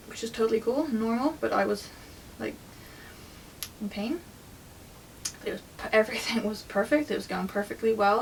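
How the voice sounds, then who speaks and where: A woman's voice: mid-range voice, vocal fry, fairly bright tone, far from the mic, a little hiss or hum, low-quality recording. A woman vlogger telling a personal story in a candid, emotional, chatty way, full of little fillers.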